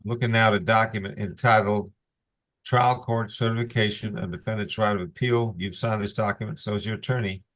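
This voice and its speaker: A man presiding as judge over a court hearing on a video call, reading legal warnings in a measured, formal cadence. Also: fairly low pitch, steady tone, a bit bright.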